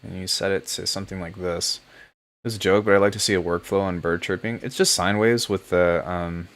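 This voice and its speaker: Relaxed, low-voiced man chatting on a stream. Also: fairly quick. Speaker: music producer streaming live. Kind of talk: casual livestream chat. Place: at home.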